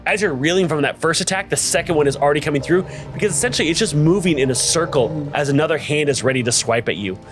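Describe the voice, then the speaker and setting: A man's voice: on the high side, quick pace, hardly any pauses, over music. A man acting as game master, calling rolls and narrating attacks with frequent ums. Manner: steady, with frequent ums and uhs.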